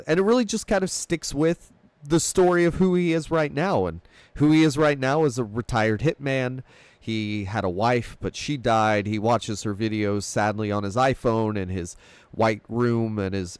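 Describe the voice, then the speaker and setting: A man's voice: lowish voice, smooth, no room sound. Rambling man, dry close sound. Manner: rambling, laughs often, retells scenes in quick quoted voices. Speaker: film podcast host. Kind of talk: casual film discussion.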